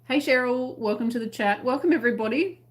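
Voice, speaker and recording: A woman's voice: on the high side, fast talker. Chatty Australian woman on a live stream. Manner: chatty, friendly, laughs often. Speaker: crochet channel host. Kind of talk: casual live-stream chat reading viewer comments.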